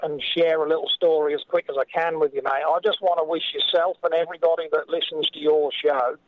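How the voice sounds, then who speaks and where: A man's voice: on the high side, little pitch movement, slight background noise. An English man calling in to a radio show, talking earnestly and with feeling. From England. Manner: earnest, impassioned, slows when emotional. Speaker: caller. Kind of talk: call-in radio. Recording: tinny phone line.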